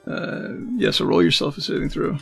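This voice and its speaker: A man narrating as game master of a tabletop game, with many halting fillers. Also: on the high side, expressive, gravelly, slightly rough, faint music behind.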